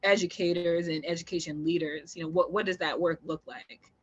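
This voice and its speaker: A woman moderating a panel who asks her question haltingly, with many restarts. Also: on the low side, fairly even intonation, highs cut off.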